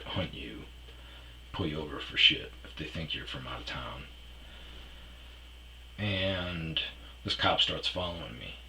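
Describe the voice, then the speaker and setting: Low-voiced man telling a rambling story. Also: pushed and bright, slight background noise, rough recording. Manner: profane, rambling, trails off with fillers. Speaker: storyteller host. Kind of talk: casual storytelling monologue.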